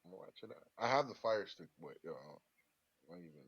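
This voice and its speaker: A man's voice: low-pitched, very animated, moderate pace, fairly bright tone. A man co-hosting a podcast in laid-back casual chat, using slang like "yo" and "man". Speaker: podcast co-host. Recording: dull lo-fi sound.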